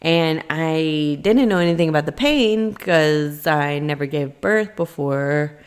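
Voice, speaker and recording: A young adult woman casually telling a personal story to camera, chatty and animated, acting out quoted lines in a higher voice. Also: slow pace, clean tone. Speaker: vlogger.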